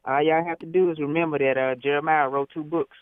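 A man's voice: a little high, steady tone, quick pace, clear, resonant tone, no echo. A male caller, talking in an easygoing, folksy way. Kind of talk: phone-in call. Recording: tinny phone line.

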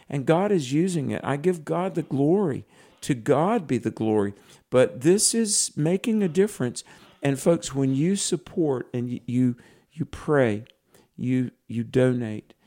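Southern man pitching on Christian radio. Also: mellow. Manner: earnest, folksy storytelling with restarts. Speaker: radio co-host. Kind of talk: radio fundraiser appeal.

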